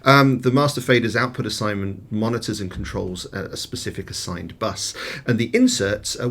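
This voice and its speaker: A man's voice: fairly low pitch, creaky, a bit bright. A man hosting a tech panel show: he reads a scripted intro, then chats casually with dry teasing humor. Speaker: podcast host.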